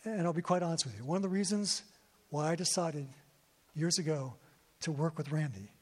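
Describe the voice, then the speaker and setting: A man with a fairly high, brisk voice preaches a sermon testimony, recounting his story with emotion and plenty of repetition. Long hall reverb fills the recording.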